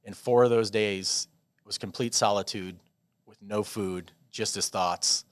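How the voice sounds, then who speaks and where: A man from Des Moines, Iowa, a podcast guest telling a long personal story in a rambling, animated way with frequent restarts. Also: lowish voice, measured pace, no echo. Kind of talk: casual storytelling interview.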